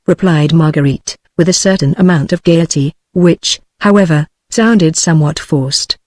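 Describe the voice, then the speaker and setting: A text-to-speech woman's voice with a British English accent, reading a classic novel in an even, unacted synthesized audiobook style. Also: low-pitched, moderate pace, hardly any pauses, no room sound. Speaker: narrator.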